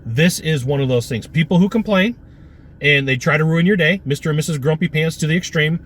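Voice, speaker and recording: A man giving an energetic, punchy sales coaching talk with lots of repetition. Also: on the high side, brisk, soft background music.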